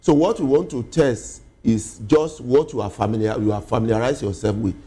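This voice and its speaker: A man, an educationist guest on a TV interview, explaining slowly with many pauses and fillers. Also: mid-range voice, mellow, husky. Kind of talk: TV studio interview.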